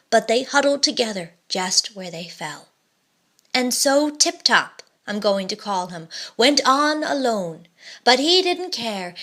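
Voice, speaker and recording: A woman reading a children's storybook aloud in an expressive, dramatic way. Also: high voice.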